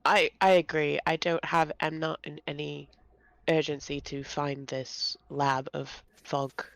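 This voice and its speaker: Woman player, hesitant questioner, deep gravelly voice, dry close sound. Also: flat delivery, measured pace, dry recording. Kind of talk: in-character tabletop play.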